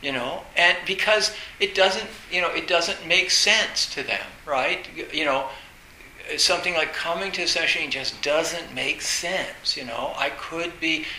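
A man giving a Zen dharma talk, telling personal stories in a halting way, restarting words and laughing now and then. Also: on the high side, sharp tone. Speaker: Zen teacher. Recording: echoey room with faint hiss.

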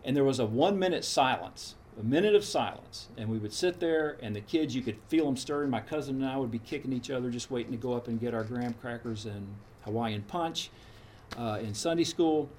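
A man's voice: medium pitch, lively intonation, brisk, a little mellow, slight background noise. A man in his sixties telling a frank personal story in a casual, meandering, reflective way. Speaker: storyteller recounting his path to meditation.

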